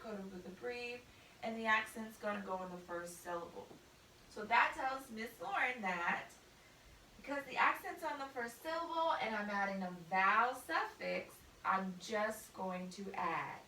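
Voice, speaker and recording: A woman teaching a spelling lesson, spelling words out letter by letter in a slow, deliberate way. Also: mid-range voice, sharp tone, slight background noise. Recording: echoey room, mic at a distance.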